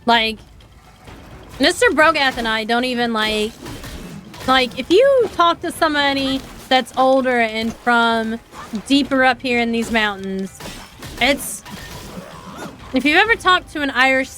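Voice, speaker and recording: A young woman from Appalachia with a noticeable Appalachian accent, talking in a chatty, rambling way as she streams a game. Her voice sits a little high, and a faint hum of noise runs under it. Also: animated, unhurried, pauses often, a bit bright. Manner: chatty, rambling, laughs often. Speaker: VTuber streamer. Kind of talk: casual live game stream chat.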